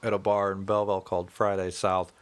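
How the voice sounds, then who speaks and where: A man's voice: sits low, level tone, fast, smooth. A man in his thirties telling stories in casual chat, swearing freely and laughing as he goes. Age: 30s. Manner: profane, laughing storyteller.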